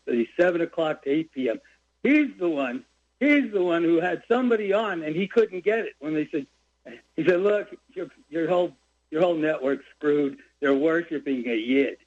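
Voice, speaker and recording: Older male caller, high voice, rambling heated rant, muffled phone audio. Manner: rambling, heated, jumps between topics. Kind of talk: call-in radio rant. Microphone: phone line. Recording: dull lo-fi phone call.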